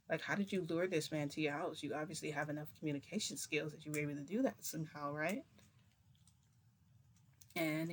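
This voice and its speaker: A woman's voice: sits low, a little hiss or hum. Woman vlogger, casual storyteller; rambling, chatty, loose delivery with many restarts.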